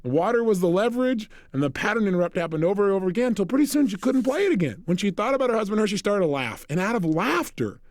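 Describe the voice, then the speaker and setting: Energetic self-help guy lecturing straight at you, highish voice, dry sound. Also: quick pace, hardly any pauses, no room sound. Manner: animated, energetic, addresses listener directly.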